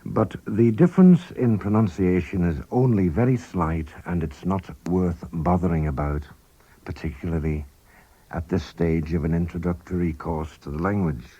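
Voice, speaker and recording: A man presenting a scripted radio language lesson. He speaks carefully and repeats each phrase slowly, then at normal speed. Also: deep voice, warm tone, husky. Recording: dull 1980s radio recording.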